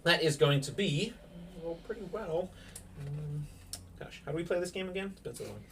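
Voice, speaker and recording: A man's voice: fairly high pitch, moderate pace, distant mic, slight background noise. A man running a tabletop game as game master, giving a vivid play-by-play of dice rolls and attacks.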